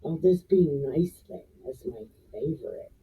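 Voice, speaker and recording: A woman's voice: deep voice, expressive, a little slow, mellow, husky, far from the mic, exaggerated voice. A woman voicing a brash, profane male king, talking in crude slang. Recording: tinny phone-like sound.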